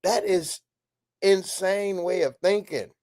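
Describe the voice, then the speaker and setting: A man hosting a casual live stream, ranting emphatically as he answers viewers' comments. His voice sits a little higher than most men's, and his delivery is loose and conversational. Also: takes it slowly, darkish tone.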